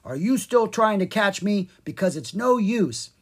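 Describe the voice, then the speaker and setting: A reader putting on a bouncy fairy child for a storybook, high and sing-song and full of wild swoops. The voice has a husky, breathy edge. He is demanding, self-absorbed and thinks only of play. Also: expressive, unhurried. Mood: playful, curious. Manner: speaks of himself by name, demanding and playful. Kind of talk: children's audiobook reading.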